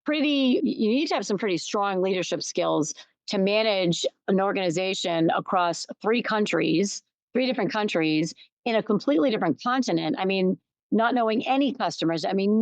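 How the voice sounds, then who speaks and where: A woman's voice: mid-range voice, dry recording. A middle-aged woman hosting a solo podcast, telling a personal story candidly, with restarts and emphatic repetition. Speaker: podcast host. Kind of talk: reflective solo podcast talk.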